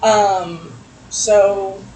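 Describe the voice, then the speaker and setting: A woman co-hosting a casual chat, recapping a tabletop game and acting out quotes in an animated way. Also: mid-range voice, extremely slow, reverberant, slight background noise, low-quality recording. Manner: animated storyteller, acts out quotes with lively voices. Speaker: podcast co-host recapping a game. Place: room with echo.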